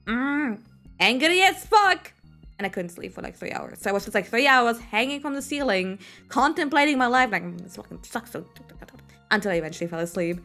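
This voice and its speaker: A woman streaming a game, chatting casually in a somewhat high voice. She rambles through fillers and drops swear words freely. Faint music sits behind her. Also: expressive, fast, fairly bright tone. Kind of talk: casual live-stream chat.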